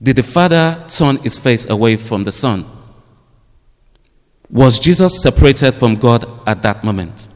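A man preaching a sermon, halting with fillers at first, then rising to emphatic points. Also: medium pitch, lively intonation. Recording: long hall reverb.

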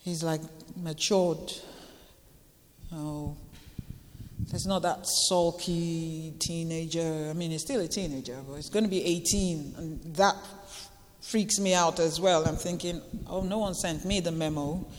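A woman in her forties sharing an emotional personal testimony with a church gathering, halting and tearful, repeating phrases for emphasis. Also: low voice, steady tone, long reverb tail, slight background noise.

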